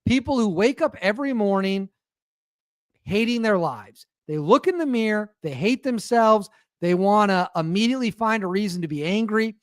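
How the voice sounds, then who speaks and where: A man's voice: high-pitched, expressive, normal speed, no echo, clean studio sound. A man hosting his own show, giving rambling, sarcastic casual commentary and often stopping himself mid-sentence. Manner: rambling, self-interrupting, sarcastic. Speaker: podcast host.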